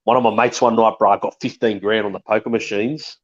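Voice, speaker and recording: A man's voice: on the low side, steady tone, brisk. A man in rambling, profane chat, calling everyone bro. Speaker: stream chat guest. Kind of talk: casual crude banter. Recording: dull lo-fi call audio.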